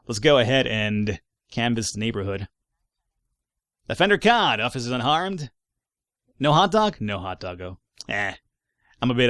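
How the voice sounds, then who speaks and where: A man's voice: mid-range voice, no room sound, studio quality. A man giving casual gameplay commentary, reading in-game reports aloud between wry, sarcastic asides. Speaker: let's play gamer.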